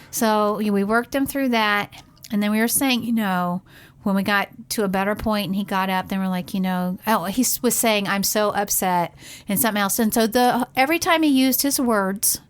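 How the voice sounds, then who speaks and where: A middle-aged woman, a parent, co-hosts a casual podcast in a medium-pitched voice at normal speed. She recounts events earnestly and conversationally, leaning often on "like."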